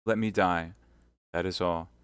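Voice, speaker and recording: A man's voice: on the low side, normal speed, pushed and bright, no room sound, clean studio sound. A man voicing a scheming captive noblewoman who pleads and seduces in a theatrical way. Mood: imploring.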